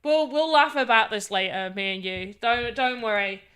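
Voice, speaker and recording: A British woman talks casually to her stream in a high, bright voice. She sounds tired and rambles, restarting words as she goes. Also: animated, moderate pace. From Britain. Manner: rambling, self-deprecating, often restarts words. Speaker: livestreamer. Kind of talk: casual live-stream chat.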